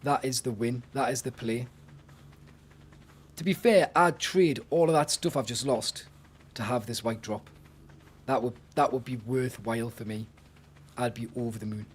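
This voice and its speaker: A young man giving live commentary while he plays a video game, excitable and talking to himself. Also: medium pitch, normal speed, pauses often, husky. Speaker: streamer. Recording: game music in the background. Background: game music.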